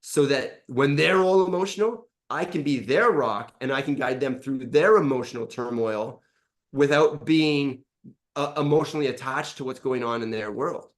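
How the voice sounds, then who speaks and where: Speaking on the high side, a middle-aged coaching client gives an unfiltered interview testimonial. He's energetic, swears plenty, and dramatizes earlier conversations.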